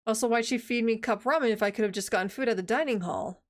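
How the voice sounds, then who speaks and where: A woman's voice: a little high, fast. A woman streamer reading a visual novel aloud and chatting casually, swearing and laughing at herself.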